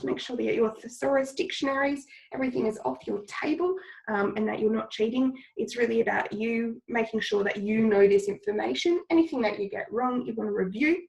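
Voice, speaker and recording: Teacher with a cold, slightly high voice. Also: female voice, gravelly, rough recording. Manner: patient, instructive, repeats key steps. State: has a cold, coughing. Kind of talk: recorded lesson instructions.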